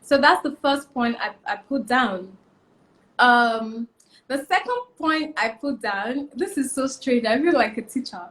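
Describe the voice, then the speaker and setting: Emphatic young woman, high voice. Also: unhurried. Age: young adult. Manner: emphatic, repeats key points, animated. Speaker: interview guest, fashion stylist. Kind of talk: casual interview, motivational advice.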